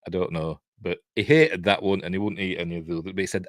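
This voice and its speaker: A man's voice: sits low, fairly even intonation, fast talker, no echo, clean studio sound. A man with a Yorkshire accent giving a casual, rambling film commentary full of trivia asides. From Yorkshire, England. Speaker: film reviewer.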